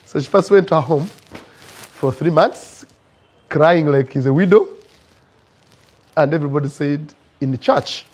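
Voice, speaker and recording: A man teaching a marriage preparation class, telling an animated story and acting out its voices. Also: a little high, rough recording. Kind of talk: storytelling lesson.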